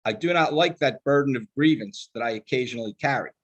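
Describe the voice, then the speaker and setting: An older man giving a sermon in a measured, emphatic manner, slowing down to stress quoted scripture. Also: mid-range voice, breathy edge. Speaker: rabbinical student giving a sermon.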